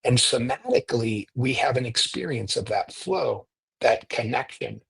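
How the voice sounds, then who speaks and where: A man with a slightly husky voice, talking through a spiritual idea as if to a friend. He keeps it animated and story-driven, tossing in "right?" to check in. The sound is close and dry, with no room around it. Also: mid-range voice, moderate pace, dry recording, rough recording. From United States. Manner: animated storyteller, often ends points with "right?". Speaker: priest and retreat leader. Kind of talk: conversational teaching.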